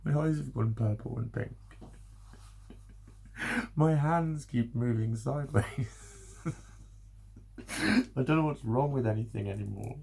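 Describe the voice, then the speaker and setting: A man's voice: mid-range voice, unhurried, creaky, pauses often, mellow, breathy edge. A man, exhausted and rambling through an emotional personal vlog, swearing often and breaking into nervous laughs. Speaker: vlogger.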